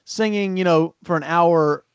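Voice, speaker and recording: A man's voice: fairly high pitch, measured pace, smooth, dry recording, lo-fi sound. A man co-hosting a livestream, joking and laid-back as he gives updates. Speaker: musician and co-host. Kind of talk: casual livestream chat.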